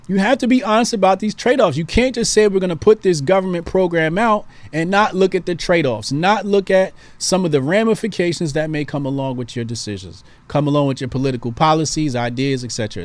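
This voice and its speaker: A man's voice: on the high side, animated, brisk, dry recording. Emphatic preachy male talk-show host. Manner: emphatic, preachy, repeats points for stress. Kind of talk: political commentary and call-in talk.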